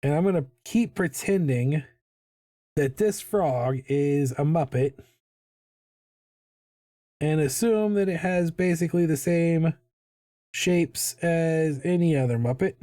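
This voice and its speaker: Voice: medium pitch, slow, pauses often, warm tone, dry recording, studio quality. An artist in their thirties chatting casually during a live drawing stream, rambling, repeating words and filling gaps with "like". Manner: chatty and self-deprecating, many fillers and repeated words, hums and laughs.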